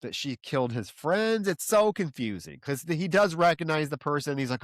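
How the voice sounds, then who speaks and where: A man's voice: fairly high pitch, animated, normal speed, hardly any pauses, dry recording. Exasperated male podcaster recapping. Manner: exasperated, profane recapping with quoted voices. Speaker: podcast co-host.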